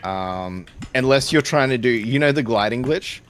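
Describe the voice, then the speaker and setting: A man's voice: medium pitch, animated, moderate pace, noisy background. Casual male gaming streamer. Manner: chatty, laughs often while playing. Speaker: streamer co-host. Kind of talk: casual gaming livestream chat.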